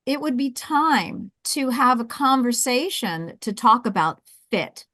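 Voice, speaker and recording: A woman with a South Jersey accent hosting a webinar, coaching with lively restarts and repeated words. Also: mid-range voice, no room sound. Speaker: webinar host and intercultural coach.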